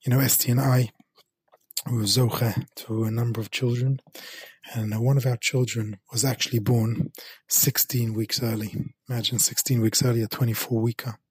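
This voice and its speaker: A man's voice: medium pitch, little pitch movement, moderate pace, slightly rough, dry recording. A middle-aged man giving an earnest Torah talk as a rabbi, repeating phrases for emphasis. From England.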